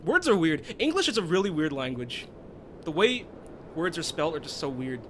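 A man giving excitable, swearing let's play commentary, often bursting out loudly. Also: on the high side, normal speed, slight background noise. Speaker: gaming video creator.

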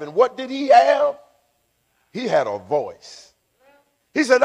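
A man with a high voice preaches a sermon in a church, and a long reverb trails his words around the hall. He calls on the congregation to answer him back and rises into shouts as he goes. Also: very animated, slow, creaky. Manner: call-and-response preaching, building to shouts. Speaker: pastor. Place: church sanctuary.

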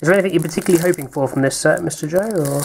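A man's voice: a little high, rapid-fire, gravelly, darkish tone, slight background noise. A British man chatting playfully while opening card packs, reading out names with little laughs. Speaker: card pack opener, co-host. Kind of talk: casual unboxing chat.

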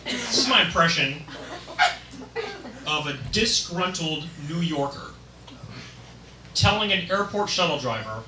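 A man's voice: a little high, animated, measured pace, long pauses. A man performing a stand-up set, chatting between his impressions. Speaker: stand-up comedian. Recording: roomy, distant, noisy live room.

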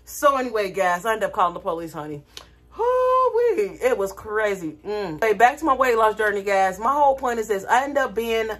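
A woman's voice: mid-range voice, a little fast, hardly any pauses. A woman vlogger talking casually to her viewers, telling a dramatic story with lots of energy. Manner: animated, dramatic retelling with laughter.

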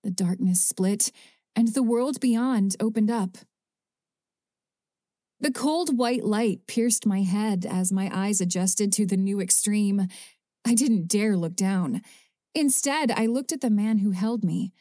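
A woman narrating a first-person audiobook in a measured, even storytelling manner, close to a studio mic. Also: medium pitch, dry recording.

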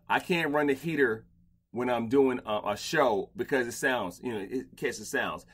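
A middle-aged man hosts a casual interview with a husky edge to his voice. He is blunt and profane, swinging from low grumbles to loud, animated rants. The sound is close and dry, from a closet lined with blankets. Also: measured pace. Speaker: podcast host. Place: home closet padded with blankets.

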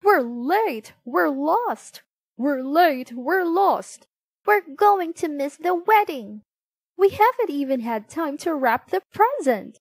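A frantic family running late to a wedding, voiced by a woman reading aloud, yelling high and loud, pitch leaping about. The storybook reading is close and dry. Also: animated, normal speed, hardly any pauses, no room sound. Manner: panicked yelling in chorus.

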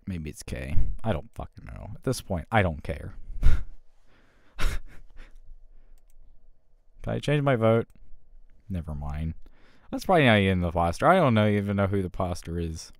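A young man giving profane gameplay commentary from home on a close desk mic, trash-talking and swinging between mutters and loud outbursts. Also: low-pitched, sing-song, normal speed, pauses often, no echo. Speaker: gaming channel host.

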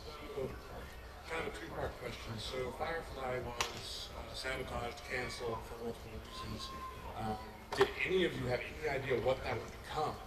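A man asks a panel guest a question, pausing as he hunts for the right words. He stands back from the microphone, his voice reaching across an echoey convention hall. Heavy background noise fills the gaps around him. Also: medium pitch. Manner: hesitant, searching for words. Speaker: fan asking a question at a convention. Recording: distant mic in a noisy echoey hall.

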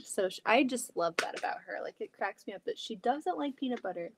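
A woman's voice: fairly high pitch, expressive, brisk, noisy background. A woman hosting a quilting livestream from her home basement, reading comments aloud in a chatty, giggly way full of restarts. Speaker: quilting channel host.

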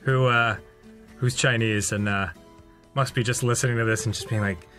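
A man's voice: mid-range voice, steady tone, normal speed, pushed and bright, soft background music. A man in casual let's-play banter, laid-back and joking, sometimes apologetic. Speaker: game commentator.

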